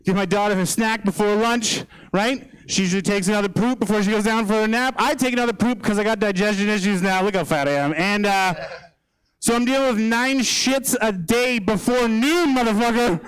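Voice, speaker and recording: A man's voice: sits high, fairly even intonation, a little fast, a bit bright, clear, resonant tone, low-quality recording. A man in his thirties with a Canadian accent doing a rambling stand-up set on a theater stage, swearing often. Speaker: stand-up comedian.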